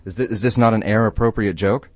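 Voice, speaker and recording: A man with a lowish voice talks quickly in a dry room with faint music behind him. He hosts a late-night call-in radio show, playfully joking with callers, animated and laughing often.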